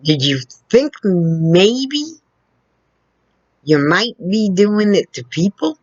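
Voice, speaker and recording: A woman's voice: mid-range voice, animated, extremely slow, a little mellow, no room sound, muffled recording. A woman vlogger lecturing straight to the camera, repeating her points and checking in with "okay?", recorded on a computer camera two feet away. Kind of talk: direct-to-camera opinion rant.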